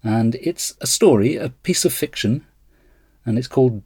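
A man's voice: medium pitch, lively intonation, normal speed, a little mellow, slightly rough, dry recording, studio quality. A man hosting a podcast, explaining thoughtfully and reading a story aloud. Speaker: podcast host.

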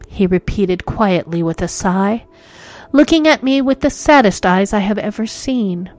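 A woman narrating a ghost story in an expressive reading, moving between hushed and urgent tones. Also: mid-range voice, a little slow, soft background music.

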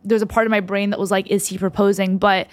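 A woman's voice: mid-range voice, little pitch movement, quick pace. A young woman hosting a podcast, telling a personal story in a rambling, heartfelt way with many restarts. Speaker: podcast host.

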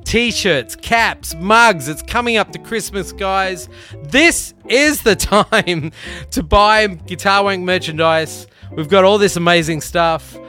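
A man's voice: sits high, slow, bright, forceful tone, faint music behind. A man with an Australian accent hosting a podcast in loose, rambling casual chat, swearing freely and joking around. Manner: loose, profane, rambling and jokey. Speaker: podcast host.

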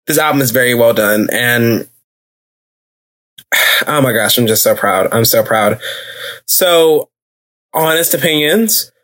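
A man hosting a podcast episode, reviewing in a gushing, casual way with lots of fillers, restarts and repeated phrases. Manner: lively pitch jumps when excited. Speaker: podcast host. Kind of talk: casual solo review chat.

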